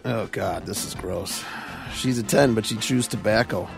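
A man co-hosting a radio show, giving wry, quick quips in casual comedic banter. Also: lowish voice, vocal fry, soft background music. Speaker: radio co-host.

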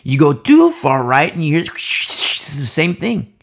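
A man's voice: fairly high pitch, very animated, slow. A man preaching a Bible sermon, emphatic and repeating key phrases for emphasis.

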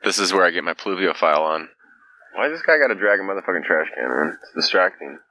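A man's voice: low voice, lively intonation, fast talker, pushed and bright, low-quality recording. A man hosting a casual podcast chat, joking, teasing and swearing freely. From California. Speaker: podcast host.

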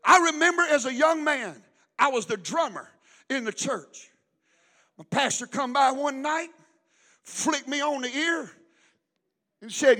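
A middle-aged pastor preaches with a very high, bright, forceful voice. He swings between loud shouting and quiet storytelling. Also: animated, a little slow, pauses often, long reverb tail. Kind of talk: sermon.

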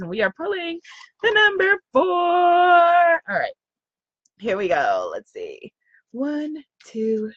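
A woman's voice: mid-range voice, fairly bright tone, dry recording, highs cut off. A woman hosting a live online spiritual gathering, greeting viewers and speaking in an effusive, affirming way with lots of repeated phrases. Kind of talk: spiritual live-stream talk, reading chat comments.

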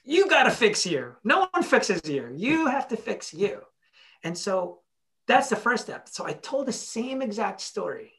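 A motivational speaker telling stories in a podcast conversation, blunt and animated, casually swearing and acting out both sides of conversations. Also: mid-range voice, unhurried.

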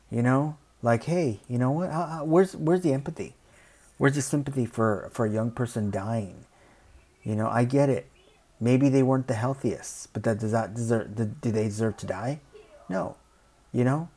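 In a slightly mellow, mid-range voice, a man talks off the cuff in a rambling commentary. He drops "you know" frequently and voices other people in brief asides.

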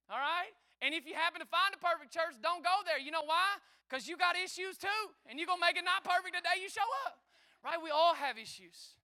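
A high-voiced man preaches with bursts of energy, calling out to his congregation and whooping between points. His tone is bright and forceful, captured dry with no room echo. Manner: energetic, exclaiming and calling on the crowd. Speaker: pastor. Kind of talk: lively sermon.

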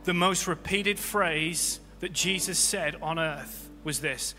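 A man preaching a sermon as pastor, impassioned, swinging between loud peaks and quiet low stretches. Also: takes it slowly. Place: church hall. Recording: long hall reverb with faint music.

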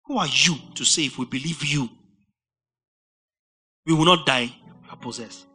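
Animated bright-voiced preacher man. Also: on the high side, moderate pace, slightly rough, faint music behind. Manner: animated, rising to shouts on emphasis. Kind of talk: sermon Bible study.

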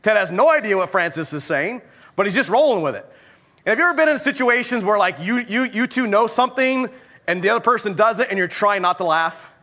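A young adult male pastor delivers a sermon with a high-pitched voice. His tone is bright and forceful, and he tells his story in an animated way, often breaking into laughter. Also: fairly quick.

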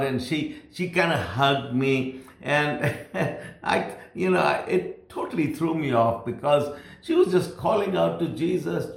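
A man's voice: a little high, creaky, reverberant. A male pastor preaching from his home, telling a story in a rambling, conversational way with many restarts. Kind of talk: sermon told as a personal story.

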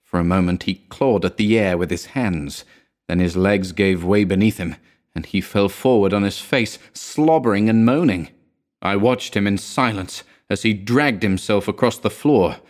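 A man reading a horror story aloud in a measured, grave narrating manner. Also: fairly low pitch. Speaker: reader.

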